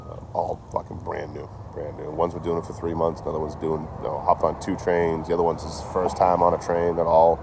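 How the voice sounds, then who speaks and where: Young male train-hopper streaming outdoors, low voice, loose profane rambling, street noise behind. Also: monotone, a little fast, gravelly. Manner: rambling, profane, laughs between thoughts. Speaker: train-hopping livestreamer. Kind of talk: casual live stream chat. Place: outdoors in town near a store.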